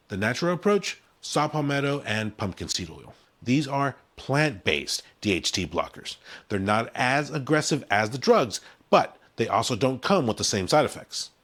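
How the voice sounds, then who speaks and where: Male explainer host, mid pitch, animated intonation, punchy casual delivery. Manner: punchy, conversational, stresses key words. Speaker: hair-care brand founder. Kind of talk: direct-to-camera explainer.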